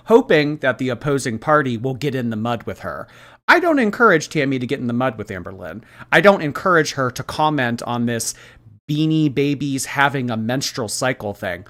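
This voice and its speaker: A man's voice: mid-range voice, normal speed, fairly bright tone. A man hosting a casual livestream, reacting to clips and thanking viewers by name. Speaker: livestream commentary host.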